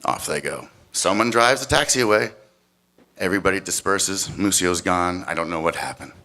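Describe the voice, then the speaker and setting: Performing at a live storytelling competition, a man with a low voice tells his story at normal speed. He's animated, swinging between loud shouts and hushed tones.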